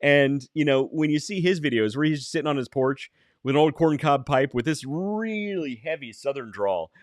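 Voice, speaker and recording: Lively, animated man chatting. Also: on the high side, moderate pace, dry recording. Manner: animated, rambling with restarts and dry jokes. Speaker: podcast host. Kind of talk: casual chat.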